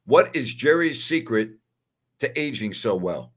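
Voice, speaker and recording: Unhurried and slightly rough, this man's mid-range voice has lively intonation. He's from New York and runs a solo basketball postgame livestream, talking casually and emphatically, often repeating himself with plenty of "all right."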